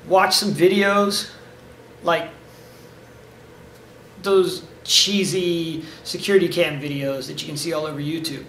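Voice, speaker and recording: Bright man coaching from across an echoey room. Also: on the high side, slight background noise. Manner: direct, coaching, checks in with "okay?". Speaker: karate instructor. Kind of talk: casual instructional talk. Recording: echoey room, mic at a distance.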